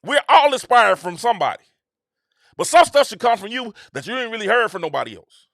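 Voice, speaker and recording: Emphatic, high-voiced man riffing on the show. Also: big pitch swings, a little fast, gravelly, a bit bright, no room sound, clean studio sound. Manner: repetitive, emphatic, slangy and conversational. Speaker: show host. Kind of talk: casual commentary monologue.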